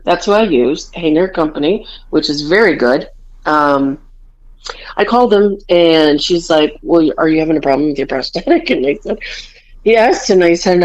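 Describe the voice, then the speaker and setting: A woman hosting a casual podcast, telling a story with bawdy humor and acting out both sides of a conversation. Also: fairly low pitch. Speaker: podcast host. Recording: dull lo-fi podcast audio.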